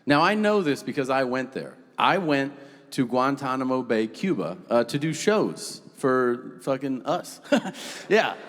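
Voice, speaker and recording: A man doing a stand-up comedy set on stage, telling profane, animated stories and breaking into shouted impressions. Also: mid-range voice, unhurried. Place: comedy stage before a live audience. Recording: reverberant venue with faint room noise.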